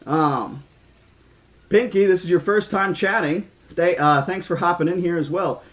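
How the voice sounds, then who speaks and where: Excitable man reading to his chat. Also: high voice, unhurried. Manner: excitable, thankful, chatty. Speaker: streamer reading a novel aloud. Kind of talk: audiobook reading with chat shout-outs.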